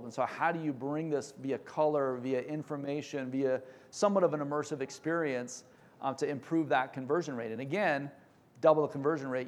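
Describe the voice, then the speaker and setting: A man giving an energetic business presentation, joking now and then and using fillers. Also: on the high side. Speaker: company presenter.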